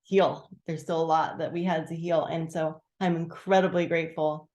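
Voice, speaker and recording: A woman leading a group, sharing her story candidly and haltingly, full of "like" fillers, on a video call. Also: low-pitched, little pitch movement, a little mellow, reverberant. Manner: candid, halting, many "like" fillers, bursts of acted-out quotes. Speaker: team leader sharing gratitude.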